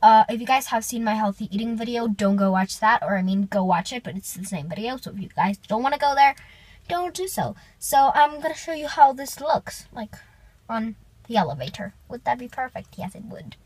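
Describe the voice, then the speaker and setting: A woman's voice: fairly high pitch, animated, brisk, a little mellow, breathy edge. A young woman vlogging from inside a parked car, talking casually, gushing and rambling, into a handheld compact camera. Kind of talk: casual vlog chat.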